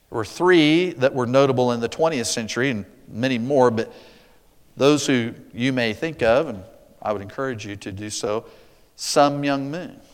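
A man preaching a sermon, verse by verse, with emphatic rises and quiet asides. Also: mid-range voice, long reverb tail. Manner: emphatic, swings from loud declarations to quiet asides. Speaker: pastor.

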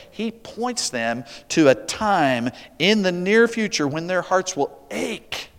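A man preaching a sermon, verse by verse, with emphatic rises and quiet asides. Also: mid-range voice, long reverb tail. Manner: emphatic, swings from loud declarations to quiet asides. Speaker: pastor.

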